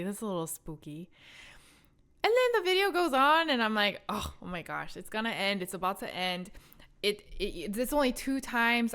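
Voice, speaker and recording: A woman from Korea in her thirties tells a personal story straight to her viewers. Her voice is bright and crisp, with a clean, smooth tone. She talks candidly and animatedly, laughing at herself as she goes. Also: medium pitch. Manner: animated, candid, laughs often, self-deprecating asides. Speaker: vlogger. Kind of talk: casual storytelling to camera.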